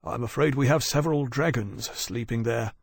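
A trained footman, played by a man reading aloud, polite and measured in an audiobook. The voice sounds close and dry, with no room echo. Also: mid-range voice, creaky. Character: well-trained, deferential male house footman.

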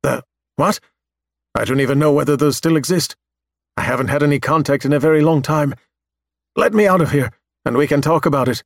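A man's voice: on the high side, brisk, vocal fry, pauses often, dry recording, pitched above the performer's own voice. A man voicing a rebuilt android man who is panicky, pleading and close to tears. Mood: frightened pleading. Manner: panicky, pleading, almost weepy.

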